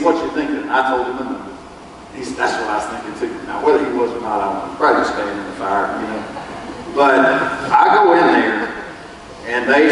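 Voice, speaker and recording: Pastor in an echoey hall. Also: male voice, mid-range voice, slight background noise. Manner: folksy storytelling, quotes others in lively bursts. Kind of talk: sermon testimony. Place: church sanctuary. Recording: echoey church hall, distant mic.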